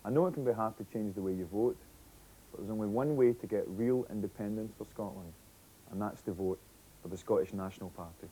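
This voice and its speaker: A man's voice: on the low side, fairly quick, dark tone, husky, poor audio. A man reading a scripted voice-over in an earnest, persuasive way. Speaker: voice-over announcer. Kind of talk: scripted narration.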